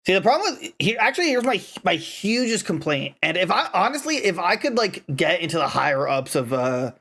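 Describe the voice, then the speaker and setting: A man's voice: high voice, sing-song, fairly quick, sharp tone, breathy edge. A man co-hosting a casual gaming podcast who rambles, restarts his sentences and swears when he gets worked up. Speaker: podcast co-host. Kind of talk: casual chat.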